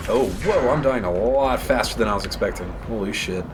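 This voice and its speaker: A man's voice: on the low side, expressive, a little fast, very noisy. A man chatting casually while he plays a video game; he is blunt and swears freely. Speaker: co-host playing the game. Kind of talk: casual gaming chat.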